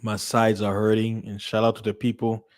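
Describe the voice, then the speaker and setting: A man's voice: on the low side, completely flat delivery, moderate pace. A man hosting a casual livestream, rambling, repeating himself and laughing often. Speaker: livestream host.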